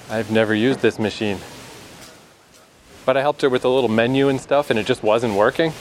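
A man from New Brunswick, Canada, chatting in a rambling casual travel vlog, laughing often as he talks. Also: medium pitch. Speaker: travel vlogger. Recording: street traffic noise behind.

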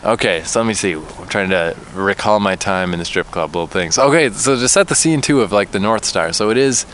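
A man's voice: fairly low pitch, animated, a little fast, fairly bright tone, slight background noise. A young man in casual chat outdoors, rambling and laughing often, poking fun at himself. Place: outdoors at a picnic table outside a bar.

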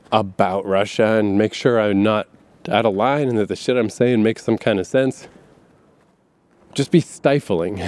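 A man's voice: lowish voice, darkish tone. A man talking in a casual, rambling monologue, swearing freely and often laughing between his points. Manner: profane, laughs often, many fillers and asides.

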